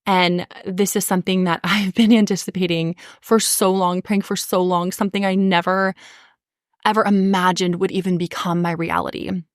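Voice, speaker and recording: An earnest woman in her thirties tells a heartfelt personal story, with a slightly low voice and lots of casual fillers. She is recorded on a close, dry mic with no room sound. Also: steady tone, moderate pace, no echo. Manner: earnest, emotional, many fillers like "like" and "you know". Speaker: podcast host.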